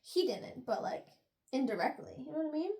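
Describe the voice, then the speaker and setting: A woman's voice: high-pitched, very animated, fairly quick, warm tone. A young woman casually recapping a novel's chapters, acting out the characters' lines as she retells the plot. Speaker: book review podcast host. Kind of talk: casual book recap chat.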